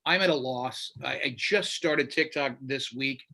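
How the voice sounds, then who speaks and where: A man's voice: medium pitch, measured pace, vocal fry, bright, forceful tone. A man in his fifties, a radio host being interviewed, talking bluntly and with animation in casual chat. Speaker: radio show host, guest.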